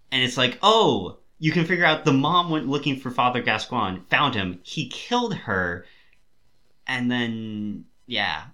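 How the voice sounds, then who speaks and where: A man's voice: mid-range voice, pushed and bright. A young man hosting a podcast who rambles with enthusiasm, full of fillers and restarts. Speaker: podcast host. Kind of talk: casual chat.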